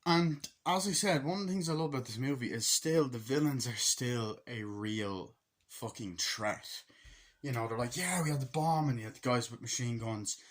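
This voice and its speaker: A man casually reviewing a film, swearing freely and acting out scenes in quick voices as he rambles through the plot. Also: medium pitch. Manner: excited, rambling retelling. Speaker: movie reviewer.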